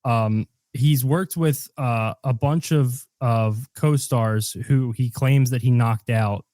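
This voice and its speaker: A man hosting a casual podcast, teasing his guest and hamming up name pronunciations between plenty of ums and uhs. His voice sits at an ordinary middle pitch and is recorded close and dry, with no room sound. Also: dark tone, no room sound. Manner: joking, deliberately mispronounces names, many fillers. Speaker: podcast host. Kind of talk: casual chat.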